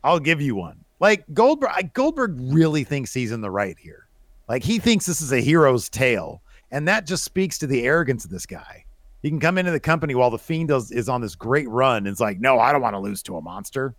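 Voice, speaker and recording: A man's voice: mid-range voice, very animated, brisk, dry recording, studio quality. A young man co-hosting a podcast, talking animatedly, swearing and acting out other people's lines in a casual chat. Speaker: podcast co-host.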